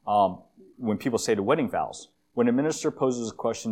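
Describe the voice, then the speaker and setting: A man giving a conversational church sermon with slides, a self-described long-winded speaker who often fills pauses and restarts phrases. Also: medium pitch, lively intonation, darkish tone. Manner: conversational, with frequent fillers and restarts. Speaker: guest preacher.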